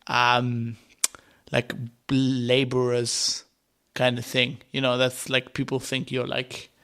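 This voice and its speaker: A man's voice: mid-range voice, completely flat delivery, unhurried, bright, forceful tone. A man from Germany speaking English, chatting casually as a podcast host and laughing easily. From rural Germany.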